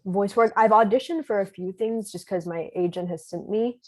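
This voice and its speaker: Young woman, relaxed and hesitant. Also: mid-range voice, normal speed. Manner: relaxed, hesitant, many "like" fillers, laughs easily. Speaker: guest actress. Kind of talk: casual interview.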